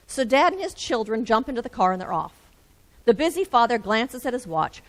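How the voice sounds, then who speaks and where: A woman minister giving a reflective sermon with gentle, repetitive phrasing. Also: on the high side, sing-song, a little fast, poor audio.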